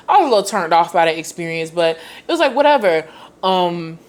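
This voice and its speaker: A young woman in her twenties tells a personal story as a podcast host, with a voice that sits low for a woman. She talks in a chatty, slangy way and leaps way up in pitch whenever she acts out what someone said. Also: a little fast. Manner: animated, acts out quoted dialogue with sharp pitch jumps.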